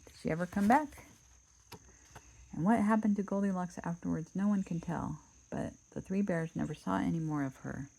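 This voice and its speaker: A woman casually reading a children's storybook aloud, relaxed and chatty, dropping in asides and cutting the story short. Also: on the low side, fairly quick, creaky, poor audio.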